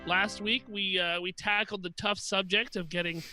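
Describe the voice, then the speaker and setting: A man's voice: sits high, steady tone, moderate pace, over music, low-quality recording. A man co-hosting a live-streamed podcast, announcing rules and joking around casually. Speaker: podcast co-host.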